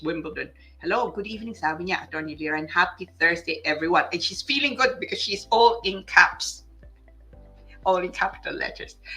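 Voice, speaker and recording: Lady host reading out comments, switches languages a lot, um and uh everywhere, bright lively voice. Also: medium pitch. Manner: chatty, switches languages mid-sentence, many fillers and restarts. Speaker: lawyer hosting a weekly legal show. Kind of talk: live-stream chat reading viewer comments.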